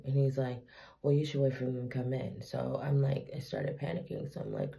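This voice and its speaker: A woman's voice: rumbling low, brisk, gravelly. A tired, teary woman telling a candid, profane story to her camera in a casual vlog. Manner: candid, profane, animated retelling. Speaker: vlogger.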